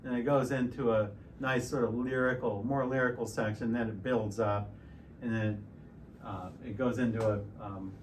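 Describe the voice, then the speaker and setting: A middle-aged man teaching piano in a relaxed, explanatory way, stopping and restarting often. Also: fairly low pitch, moderate pace, slight background noise. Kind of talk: casual piano tutorial. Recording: piano loud in the background.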